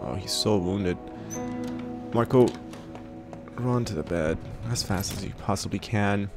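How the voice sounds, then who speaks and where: A man's voice: on the low side, measured pace, over music. A man giving casual, jokey commentary while he plays a video game, talking back to the characters and reading the game text aloud. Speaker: gaming video creator. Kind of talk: casual let's play commentary.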